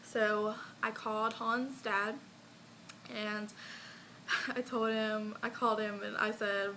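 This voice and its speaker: A woman's voice: medium pitch, flat delivery, slow pace, sharp tone, a little hiss or hum, rough recording. A young woman vlogger telling a personal story in a casual, chatty way, full of likes and ums and small laughs.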